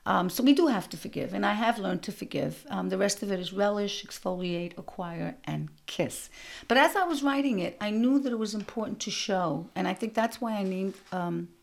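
A middle-aged woman hosting a show, telling family stories in an animated, punchy way with sudden loud bursts. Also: mid-range voice, moderate pace, gravelly. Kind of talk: storytelling monologue.

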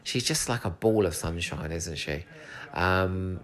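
An English man from England hosting a solo podcast commentary at home, chatty and excitable, swearing casually. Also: deep voice, unhurried. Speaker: podcast host. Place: home room with a cat.

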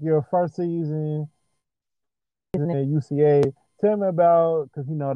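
A man hosting a podcast who asks questions in a laid-back, measured way. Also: a little high, no room sound. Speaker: podcast host. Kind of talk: casual interview. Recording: dull, dry podcast audio.

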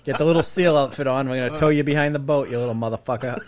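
A man's voice: medium pitch, fairly even intonation, very fast. A middle-aged man in casual banter with friends, teasing bluntly and swearing freely.

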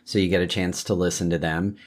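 A man hosts a podcast in a relaxed, chatty way, with a few fillers. His voice sits low. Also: fast talker. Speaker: podcast host. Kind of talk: casual chat.

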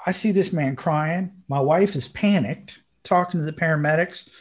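A man co-hosting a podcast, telling a story in casual chat and acting out the quotes with sudden high bursts. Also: moderate pace. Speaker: podcast co-host.

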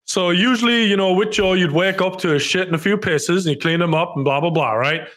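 A man with a fairly high voice telling a story on a podcast. He builds the scene bit by bit and keeps checking that his listeners follow. His tone is casual and chatty. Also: brisk, fairly bright tone. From Ireland. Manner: laying out a story step by step, checking in with "okay?". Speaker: podcast co-host. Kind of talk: casual chat.

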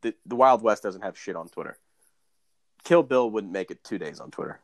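A man's voice: lowish voice, expressive, moderate pace, dry recording. A young man co-hosting a podcast, rambling and joking in casual chat. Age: young adult. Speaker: podcast co-host.

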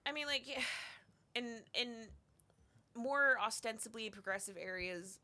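A woman's voice: on the high side, takes it slowly, pushed and bright. A woman co-hosting a podcast, chatting casually and tossing in sarcastic quips and swears. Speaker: podcast co-host. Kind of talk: casual chat.

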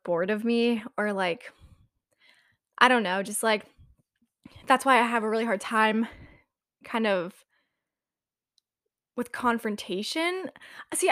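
A woman's voice: medium pitch, no room sound. Chatty young woman, dry close sound. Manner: rambling, many "like" fillers, laughs often. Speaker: vlogger. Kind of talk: casual confessional chat.

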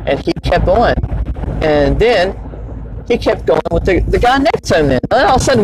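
A man's voice: a little fast, background noise. A man casually telling a funny bar story while in his car, laughing often and acting out the people he quotes. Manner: animated, laughs often, acts out quotes in a higher voice. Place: inside a car.

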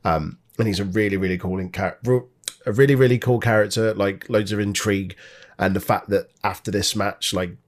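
A young man with a fairly low voice chats casually as a co-host. He fills his talk with "like" and jumps in with quick agreement. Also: fairly even intonation. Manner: chatty, lots of "like" and quick agreement. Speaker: podcast co-host. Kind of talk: casual chat about wrestling.

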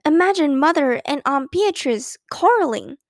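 High voiced lady reading a kids book aloud, dry close sound. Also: animated, normal speed, dry recording. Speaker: narrator. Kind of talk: children's book read aloud.

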